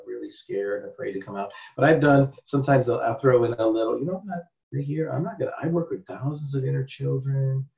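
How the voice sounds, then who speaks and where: Guy w a lowish voice teaching a therapy class, chatty, acts out client talk, echoey room, kinda muffled. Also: vocal fry, a little mellow. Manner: conversational, acts out client dialogue. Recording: roomy, dull lo-fi sound.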